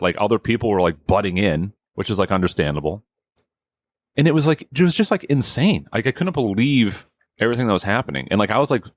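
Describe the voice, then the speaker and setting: A male podcast host tells a story in a heated, profane, casual way, acting out what people said. His voice is mid-range, with no echo.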